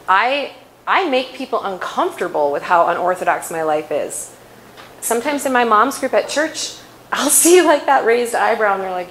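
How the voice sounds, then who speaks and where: A woman giving a faith-based inspirational talk at a conference, chatty and quick to laugh, often correcting herself mid-sentence. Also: mid-range voice, slight background noise, rough recording. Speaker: conference speaker.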